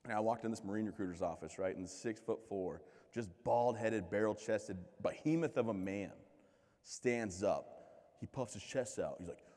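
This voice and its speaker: A man's voice: fairly low pitch, animated, moderate pace, warm tone. A man from the United States telling self-deprecating, joking stories as a keynote speaker at a large event. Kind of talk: comedic motivational keynote. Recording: reverberant hall from a PA.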